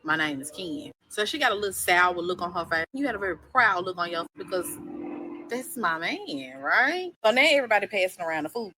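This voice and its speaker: A woman's voice: medium pitch, brisk, a little hiss or hum, poor audio. Sassy woman telling a story. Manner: sassy, profane, animated quoting of characters. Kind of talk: casual second-person storytime.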